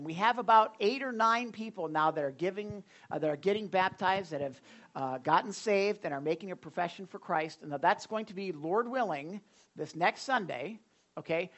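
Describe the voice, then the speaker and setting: A man's voice: high-pitched, a bit bright, muffled recording. A man leading a church service as pastor, giving announcements in a chatty, rambling way with many fillers and some self-deprecating jokes. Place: church sanctuary during a service.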